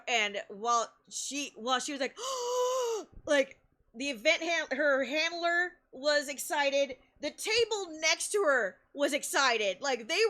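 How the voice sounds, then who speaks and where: A woman streamer telling stories in a casual, animated way, laughing often and restarting her sentences. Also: high voice. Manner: chatty, with many restarts and fillers. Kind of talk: casual live-stream storytelling.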